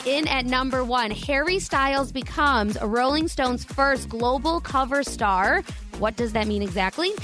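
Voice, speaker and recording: A woman co-hosting a morning radio show, reading a quick entertainment news rundown with chatty asides. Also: sits high.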